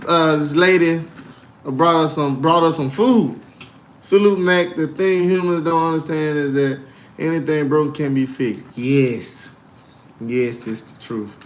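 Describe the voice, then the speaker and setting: A male livestream host with a high voice reads chat during a casual livestream, telling stories in an animated way, acting out voices and laughing often. The room is echoey, and there's a little hiss or hum.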